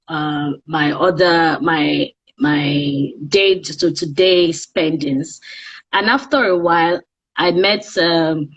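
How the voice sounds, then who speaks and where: A woman with a Nigerian accent, a guest on a live-streamed interview, talking candidly and reflectively about her life. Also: fairly low pitch. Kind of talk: casual interview on a social media live stream.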